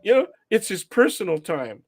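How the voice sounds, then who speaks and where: A man's voice: sits high, very animated, moderate pace, no room sound, soft background music. A man co-hosting a casual political chat, arguing his points and often laughing as he talks. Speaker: co-host commentator.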